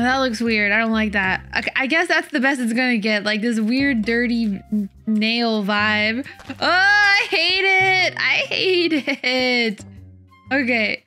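Bright, slow-talking young woman gamer. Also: fairly high pitch. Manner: chatty, self-doubting, laughing at her own build. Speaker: Minecraft build-battle player. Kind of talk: casual gameplay commentary.

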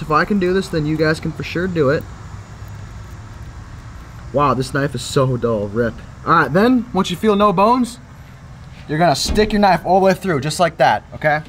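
A young man chatting excitedly to viewers while fishing and cleaning fish outdoors, calling them folks and boys. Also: on the high side, a little hiss or hum. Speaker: fishing vlogger. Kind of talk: casual outdoor vlog tutorial.

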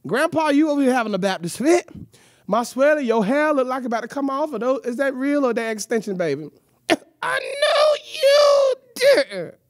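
A woman's voice: sits high, animated, fast talker, no room sound, studio quality. A woman hosting a church youth hour, out of breath, with exuberant call-and-response and playful teasing. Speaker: youth service host. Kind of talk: lively church show hosting.

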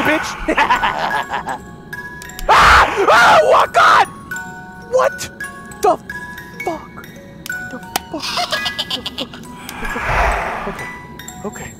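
A young man doing let's play commentary through a horror game, panicking, swearing and repeating himself. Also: very high voice. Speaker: gaming video host.

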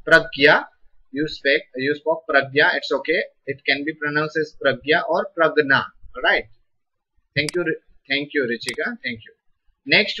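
A man's voice: fairly high pitch, bright, forceful tone. A man with an Indian English accent teaching Sanskrit in a live online class, patient and encouraging, praising students as they read words aloud. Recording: dull lo-fi recording.

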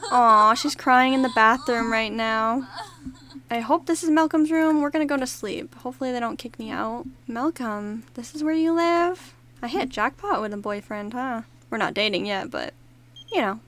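A woman's voice: fairly high pitch, normal speed, fairly bright tone, slight background noise. A young woman casually commenting on her life-simulation game, chatting along and voicing her characters' lines in a playful running commentary. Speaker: gaming YouTuber. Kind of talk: casual let's-play commentary.

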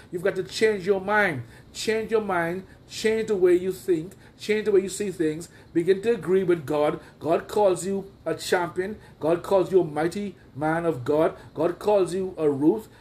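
A man with a rather high voice preaches a sermon. He drives his points home by repeating phrases and firing rhetorical questions at his listeners. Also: a little mellow, a little hiss or hum. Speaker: prophet preaching.

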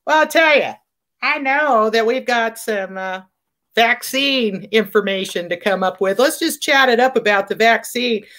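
A woman co-hosting a veterans show, telling stories in an animated, enthusiastic casual way. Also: a little high, measured pace. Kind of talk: casual chat, storytelling.

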